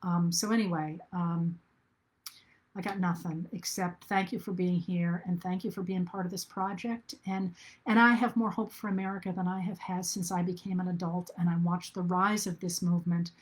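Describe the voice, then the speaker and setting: A woman's voice: fairly low pitch, level tone, moderate pace. Earnest woman talking live on a stream. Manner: earnest, thinking aloud with many restarts. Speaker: historian hosting a live video talk. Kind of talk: casual live-stream talk.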